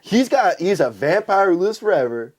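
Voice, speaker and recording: Young male podcast co-host, somewhat high, very bouncy pitch, crude joking sidekick. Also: big pitch swings, normal speed. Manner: joking reactions, laughs and crude asides. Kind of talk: casual chat.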